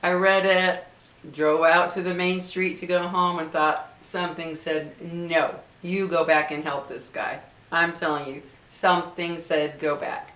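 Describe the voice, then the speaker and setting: A woman's voice: fairly low pitch, level tone, measured pace, fairly bright tone. Chatty middle-aged woman in an echoey room. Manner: chatty, emotional, many fillers and restarts. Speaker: vlogger. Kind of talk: casual storytelling to viewers.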